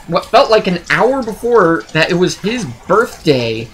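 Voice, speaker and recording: A sarcastic man rants through a comedic movie review, exasperated and mocking. His pitch is very lively, leaping up into high, incredulous outbursts. A faint hiss sits under his voice. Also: takes it slowly, low-quality recording.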